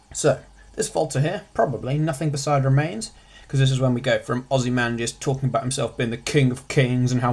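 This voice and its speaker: A man with a husky, slightly breathy voice talks through a poem for exam revision. He keeps it light, dropping quick sarcastic jokes between his points, and his pitch sits in a middling range. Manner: jokey, with quick sarcastic asides. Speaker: revision tutor. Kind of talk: casual revision lesson.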